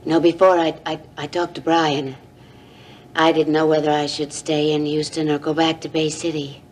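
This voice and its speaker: A woman's voice: low voice, flat delivery, moderate pace, darkish tone, a little hiss or hum, natural voice. An actress playing an earnest, determined young woman who is leaving her marriage to chase love, in 1980s TV soap acting.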